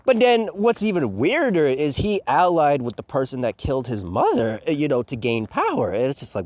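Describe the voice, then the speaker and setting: Profane, ranting man with a lively voice. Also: fairly high pitch, normal speed, hardly any pauses, no echo. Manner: profane, ranting, full of fillers. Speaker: commentator. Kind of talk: ranting review commentary.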